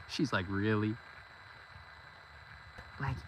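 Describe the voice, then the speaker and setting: A man's voice: fairly low pitch, moderate pace. A man of forty, walking around his goat farm and talking playfully to his goats in casual chat. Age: 40s. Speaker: vlogger. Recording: outdoor noise behind. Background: goats and outdoor ambience.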